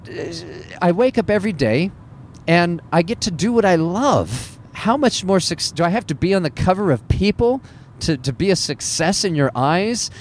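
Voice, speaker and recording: A man's voice: fairly high pitch, slight background noise. A man who works as a stand-up comedian, talking in a casual, self-deprecating monologue with wry laughs.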